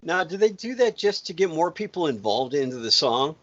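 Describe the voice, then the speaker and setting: A man co-hosting a casual podcast chat, telling stories in an animated way with laughs. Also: fairly high pitch, fairly quick. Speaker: podcast co-host. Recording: dull lo-fi sound.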